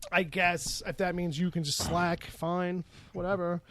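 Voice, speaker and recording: A man's voice: high voice, level tone, a little slow, fairly bright tone, slight background noise. A man hosting a podcast in casual chat, rambling and profane, leaning on "like" as a filler. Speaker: podcast host.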